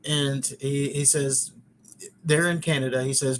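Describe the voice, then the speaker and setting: A man's voice: medium pitch, fairly even intonation, measured pace, fairly bright tone, slight background noise. A man hosting a podcast, casually recapping wrestling in a chatty, rambling way with joking asides. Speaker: podcast host.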